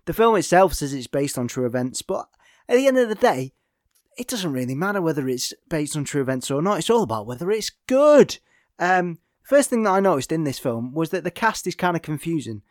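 Slightly high-voiced man rambling through a film review. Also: no room sound, studio quality. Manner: rambling, hesitant, many ums and self-corrections.

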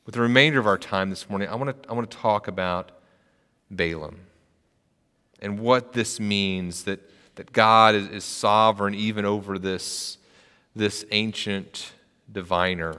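Bright-voiced male pastor preaching in a hall. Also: on the low side, fairly even intonation, measured pace, clear, resonant tone. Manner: retells the story with acted quotes. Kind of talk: sermon.

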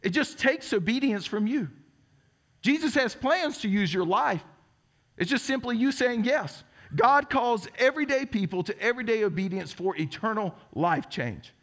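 A man's voice: high-pitched, expressive, normal speed, a bit bright. A man in his thirties with a Southern US twang, preaching a sermon as teaching pastor, telling stories with earnest, self-deprecating humor. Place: church sanctuary.

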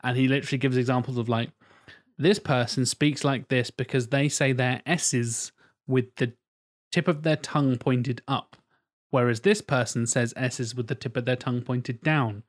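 A man's voice: medium pitch, steady tone, moderate pace. Enthusiastic male podcast host. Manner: enthusiastic, rambling, mimics voices. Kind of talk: casual podcast chat.

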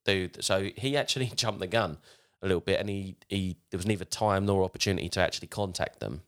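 A man's voice: deep voice, quick pace, a bit bright. A man hosting a podcast, telling a story casually, rambling along with frequent restarts. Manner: rambling, with frequent restarts while retelling a tale.

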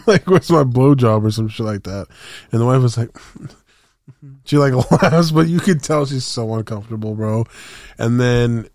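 A man's voice: medium pitch, a little slow, pauses often, a little mellow, no echo, clean studio sound. A man co-hosting a podcast, chatting casually in a rambling, slangy way with lots of fillers and restarts. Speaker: podcast co-host. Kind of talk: casual chat.

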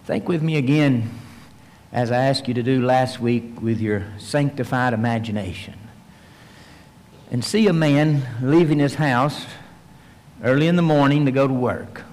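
A man's voice: mid-range voice, a little slow, a little mellow, slight background noise. A male pastor preaching a sermon and leading a prayer. He retells a story vividly and acts out the voices of the people in it. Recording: long reverb, large hall.

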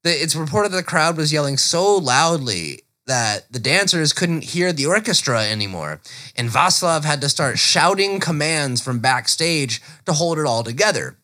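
Animated, lively-voiced man telling a story. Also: fairly high pitch, moderate pace. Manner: animated, profane, laughs often, slips into silly voices. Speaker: podcast co-host. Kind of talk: casual storytelling chat.

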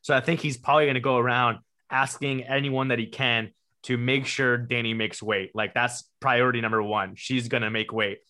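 Panelist, male, bright, forceful tone, hedging, conversational. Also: medium pitch, steady tone, moderate pace. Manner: thinking aloud with many "like"s and hedges. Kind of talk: casual chat.

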